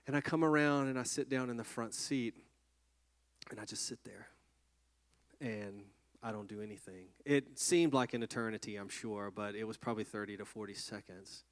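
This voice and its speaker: A man, a pastor, telling a personal story in a sermon in an earnest, reflective way with halting restarts. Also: lowish voice.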